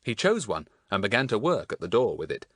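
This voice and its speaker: A man narrating a children's audiobook in a measured, storytelling manner. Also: on the low side, husky, dry recording, studio quality. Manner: measured storytelling with lively intonation. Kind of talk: scripted narration of a children's book.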